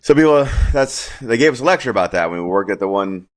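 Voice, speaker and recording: A man's voice: mid-range voice, expressive, quick pace. A man in casual chat who chimes in often and agrees readily.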